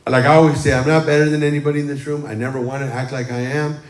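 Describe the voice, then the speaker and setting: A very fast male pastor with a mid-range voice and little pitch movement tells casual stories from the pulpit, frequently saying "amen." The talk is warm and chatty with lots of "um," captured in the roomy acoustics of a livestreamed church sanctuary.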